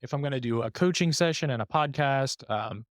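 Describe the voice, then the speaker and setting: A man hosts a podcast in a frank, reflective conversational tone, openly sharing his own setbacks. His voice sits at a middle pitch and is recorded close and dry, with no room sound around it. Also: brisk, no room sound. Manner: open, reflective, frank about struggles. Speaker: podcast host. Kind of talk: candid conversational podcast talk.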